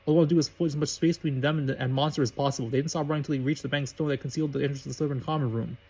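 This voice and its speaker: A man reading a story aloud briskly, with slips and restarts. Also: fairly high pitch, steady tone, dark tone, slightly rough. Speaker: reader of fan fiction.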